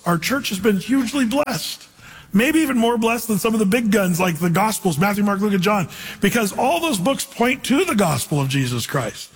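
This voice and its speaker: High-voiced husky pastor preaching. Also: male voice, long reverb tail, low-quality recording. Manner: earnest, emphatic preaching with scripture readings. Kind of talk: expository sermon.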